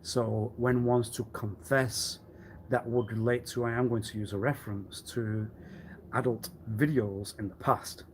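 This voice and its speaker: A man rambling alone on a livestream in a meandering way, repeating himself and often clearing his throat. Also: mid-range voice, steady tone, a little slow, a little hiss or hum. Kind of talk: rambling solo livestream monologue.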